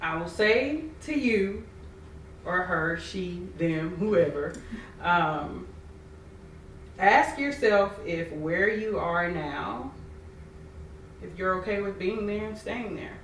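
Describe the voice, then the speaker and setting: A woman's voice: lowish voice, animated, slight background noise. Reflective woman guest, roomy sound. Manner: reflective, giving measured advice. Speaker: podcast guest. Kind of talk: casual podcast chat. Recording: roomy, distant mic.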